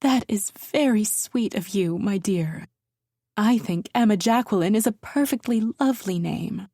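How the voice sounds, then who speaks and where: A woman voicing a doting, genteel grandmother who coos and speaks gently but firmly, in an audiobook. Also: mid-range voice, unhurried, dry recording, clean studio sound. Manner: cooing, gently firm. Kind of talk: audiobook character voice.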